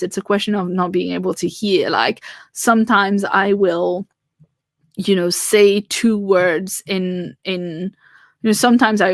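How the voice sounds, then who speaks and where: A woman's voice: mid-range voice, dry recording. Chatty French-speaking woman, dry sound. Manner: chatty and rambling, many fillers and restarts. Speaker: livestream host. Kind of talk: casual chat. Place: home.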